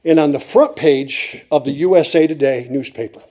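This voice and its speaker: A middle-aged preacher from Pennsylvania with a high, mellow voice for a man. He delivers a sermon through a comic personal story. He builds suspense by teasing the congregation over and over. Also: moderate pace. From Pennsylvania, USA.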